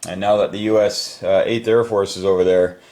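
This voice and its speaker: A man's voice: sits low, steady tone, brisk, a little mellow. A man hosting and commenting on a board game, upbeat and chatty as he hands over to each player. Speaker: host and game narrator.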